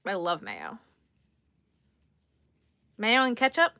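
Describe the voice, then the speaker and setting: A woman's voice: mid-range voice, huge pitch swings, slow pace, gravelly, sharp tone, no echo, studio quality. A woman hosting a casual crochet livestream, chatting easily with viewers and sounding a little tired. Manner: chatty, easygoing, responds to viewers while crocheting. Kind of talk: casual livestream chat, reading chat comments.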